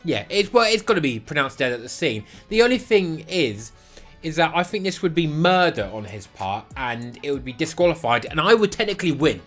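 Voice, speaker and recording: Animated, crude young man. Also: on the high side, normal speed, soft background music. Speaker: YouTube host. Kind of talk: comedic monologue.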